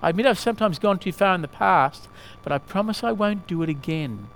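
A man's voice: sits high, animated, fairly quick, fairly bright tone, slight background noise, rough recording. A man voicing a small red lizard that chatters and pleads for its life. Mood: wheedling. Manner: wheedling, pleading.

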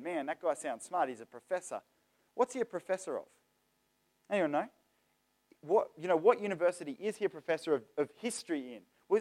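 A young man giving a lively, joking talk to a youth audience, addressing the crowd directly. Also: a little high. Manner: chatty and joking, talks straight to the audience. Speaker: youth seminar speaker.

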